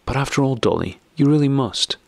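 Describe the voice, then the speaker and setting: Man reading guilty pleading husband, piteous, audiobook, raised gravelly voice. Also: mid-range voice, lively intonation, a little fast, no echo, pitched above the performer's own voice.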